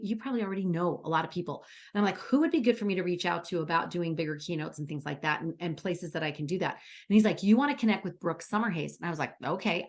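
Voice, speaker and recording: A middle-aged woman coaching aspiring speakers in a bubbly, enthusiastic, chatty way, full of stories. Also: medium pitch. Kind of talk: coaching lesson.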